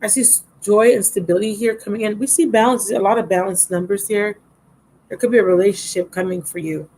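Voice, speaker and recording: A woman's voice: mid-range voice, steady tone, fairly quick, darkish tone, a little hiss or hum, rough recording. A woman giving a casual live tarot reading, chatty and affectionate with viewers, a little drowsy, recorded on a laptop mic. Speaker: tarot reader. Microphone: laptop microphone.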